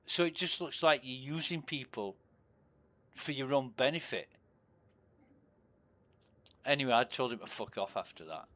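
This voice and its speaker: Guy streaming a game, rambly and sweary, mid pitch voice, mumbles a lot. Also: normal speed, pauses often, sharp tone. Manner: rambling, profane storytelling, often mumbled and low. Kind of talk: casual livestream chat.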